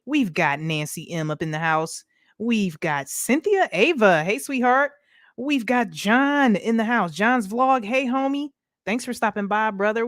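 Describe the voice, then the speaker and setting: In clean studio audio with no echo, a woman from the United States speaks in a mid-range voice while running a relaxed live stream. She welcomes viewers by name and laughs a lot, keeping her talk upbeat and full of slang.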